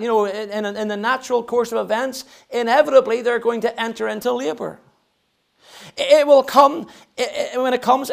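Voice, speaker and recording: Preaching to his church in an extremely high-pitched voice with vocal fry, a man drives home each point by repeating words emphatically. When he reads scripture aloud, his voice rises.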